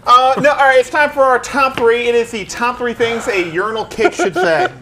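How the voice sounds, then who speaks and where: A man's voice: very high-pitched, fairly quick, bright, forceful tone. A man hosting a comedy show, leading segments and throwing in dry quips. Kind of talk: joking banter. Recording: noisy background.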